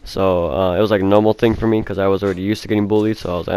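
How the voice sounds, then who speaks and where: A man's voice: on the low side, fairly even intonation, racing, hardly any pauses, darkish tone, clear, resonant tone, no room sound. A young man telling a casual storytime, rambling with fillers and heavy swearing. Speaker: vlogger.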